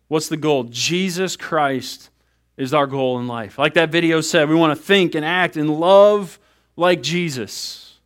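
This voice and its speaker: A man in his thirties, a pastor giving a sermon in an animated, conversational way, acting out little asides. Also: on the high side, unhurried.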